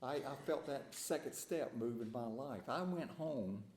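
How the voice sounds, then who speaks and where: A man's voice: medium pitch, expressive, unhurried, a little mellow. An older man giving an earnest, emphatic personal testimony to a meeting room, often repeating words as he goes. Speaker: recovery meeting speaker. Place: large meeting room with an audience. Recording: echoey hall with faint room noise.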